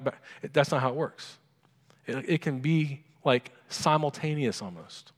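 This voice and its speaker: Casting: male pastor, mid-pitched voice, chatty sermon delivery, long hall reverb. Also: unhurried. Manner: conversational, asks the congregation questions.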